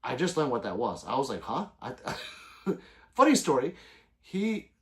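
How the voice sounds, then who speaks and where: Lively, animated male livestream host. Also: mid-range voice, unhurried. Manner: loose, joking, swears freely, loud sudden outbursts. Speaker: gun channel livestream host. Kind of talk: casual livestream chat, reading viewer comments.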